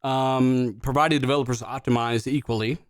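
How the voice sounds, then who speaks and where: A man's voice: medium pitch, steady tone, moderate pace, clean tone, dry recording, studio quality. A man hosting a live gaming podcast, talking loosely with lots of fillers and some swearing. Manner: loose, profane, rambling with fillers. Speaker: podcast host. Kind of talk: casual live-stream chat.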